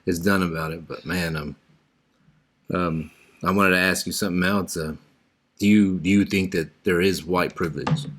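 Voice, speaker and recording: A man with a very deep voice hosts a casual podcast interview. He speaks haltingly and cautiously, padding his questions with fillers. His voice is close to the microphone. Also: steady tone, a bit bright, slight background noise. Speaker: podcast host.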